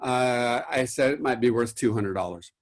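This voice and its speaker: A man's voice: mid-range voice, normal speed. Storytelling man giving an art-care lecture. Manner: storytelling, acts out quotes, many fillers and restarts. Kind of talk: recorded lecture with anecdotes.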